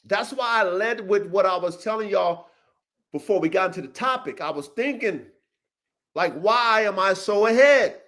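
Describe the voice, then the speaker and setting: A man's voice: sits high, normal speed, a bit bright. A man hosting a livestream podcast, talking in a profane, boastful, emphatic way and calling out listeners by name. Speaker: podcast host and dog breeder. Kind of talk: casual livestream podcast rant.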